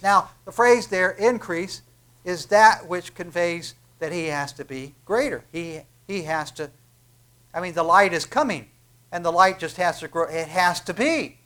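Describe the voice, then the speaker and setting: High-voiced preacher swinging hushed to booming. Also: male voice, measured pace. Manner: emphatic, swings from hushed to booming, rhetorical questions. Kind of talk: sermon.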